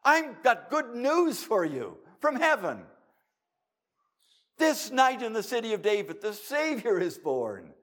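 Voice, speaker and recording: An older man voicing a proclaiming angel within his sermon, declamatory and high-pitched. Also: wildly swooping pitch, takes it slowly, fairly bright tone, heavily acted. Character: proclaiming angel, male, joyful herald.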